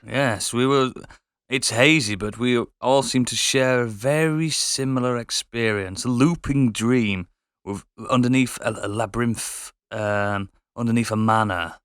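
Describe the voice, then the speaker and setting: A man's voice: mid-range voice, unhurried, a bit bright, clean tone, no echo, clean studio sound. A man playing a tabletop game in character, exasperated and sarcastic, cursing now and then. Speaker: player.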